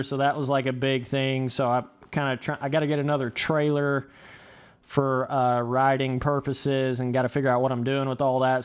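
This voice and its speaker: A man's voice: medium pitch, clear, resonant tone. A young man giving casual, rambling livestream commentary while playing a game, swearing freely. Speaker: gaming livestreamer.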